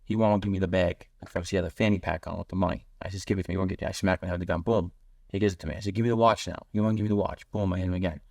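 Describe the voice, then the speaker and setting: A man's voice: deep voice, steady tone, vocal fry, darkish tone, no echo, clean studio sound. A man, telling blunt street stories as a podcast guest. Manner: rapid, blunt street storytelling, voicing other people in quotes. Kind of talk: storytelling in a podcast interview.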